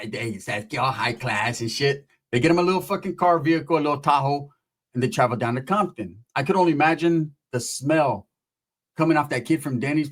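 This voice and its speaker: A man telling rambling, profane comedy stories about his family, slipping into impressions of his relatives. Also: fairly high pitch. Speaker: comedic storyteller. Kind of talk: casual comedic storytelling monologue.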